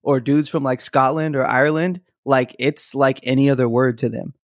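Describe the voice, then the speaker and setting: A man's voice: mid-range voice, level tone, normal speed, no echo, clean studio sound. A man who is a guest on a podcast, chatting casually in an easygoing, wry way. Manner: easygoing, wry, laughs often. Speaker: podcast guest, hardcore band vocalist. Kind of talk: casual chat.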